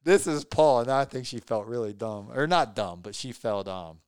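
A man's voice: fairly low pitch, moderate pace, clear, resonant tone, dry recording. A man in casual chat, telling a rambling story and teasing his friend.

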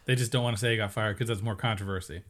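A man co-hosting a casual TV recap chat, enthusiastic and quick to laugh. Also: on the low side. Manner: enthusiastic, animated, laughs easily. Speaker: podcast co-host.

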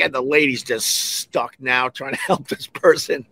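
A man's voice: fairly high pitch, moderate pace, few pauses, bright, forceful tone, no room sound. A middle-aged man hosting a podcast, telling a rambling, digressive story and acting out the voices of people he quotes. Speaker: podcast host, former radio host. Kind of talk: casual storytelling monologue.

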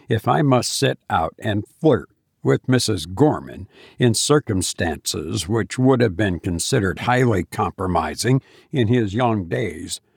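A man reading a ghost story aloud in a measured, low-key storytelling manner. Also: a little mellow, dry recording, studio quality. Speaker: narrator.

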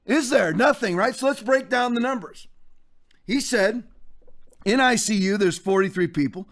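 A man's voice: sits high, moderate pace, fairly bright tone. A man who is a pastor and hosts a podcast, delivering fired-up, ranting commentary in a preacher-like way.

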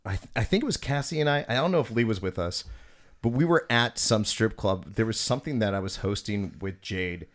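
A man's voice: fairly low pitch, lively intonation, a little fast. A man hosting a podcast, telling profane, rambling stories full of fillers in a casual chat. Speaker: podcast host.

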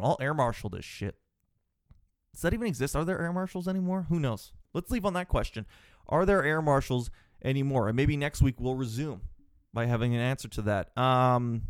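A man's voice: mid-range voice, dry recording, studio quality. Exasperated man telling a rambling story. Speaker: podcast host. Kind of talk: casual storytelling monologue.

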